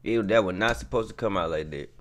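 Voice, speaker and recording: A man's voice: fairly low pitch, fast talker, slight background noise. A man hosting a reaction video, talking straight to his viewers in a rambling, profane, casual way, just woken up.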